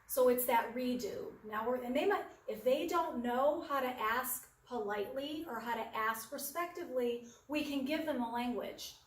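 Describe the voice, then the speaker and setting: A woman's voice: sits high, normal speed, few pauses. A woman giving a practical parenting workshop who now and then acts out what a parent would say to a child. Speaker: workshop presenter. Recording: echoey room, speaker far from mic.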